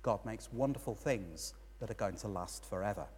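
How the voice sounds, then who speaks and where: Husky guy preaching a sermon, storytelling, lots of long church echo. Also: fairly low pitch, moderate pace, darkish tone. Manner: storytelling, rising and falling emphasis. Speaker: priest.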